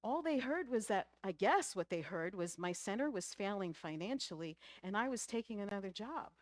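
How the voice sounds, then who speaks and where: A middle-aged woman minister giving a sermon, telling a personal story with lively, emotional delivery. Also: mid-range voice, moderate pace, no echo, clean studio sound.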